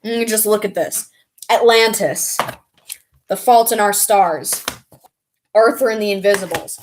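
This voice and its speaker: A woman chatting casually on a live stream, reading viewer comments and reacting with excitable, frequent laughter. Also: mid-range voice, unhurried, noisy background.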